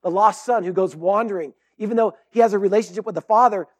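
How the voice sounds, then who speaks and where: A man with a high-pitched voice preaching a sermon. He talks in an earnest, conversational way, and the sound is dry and close. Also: quick pace, no room sound. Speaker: pastor.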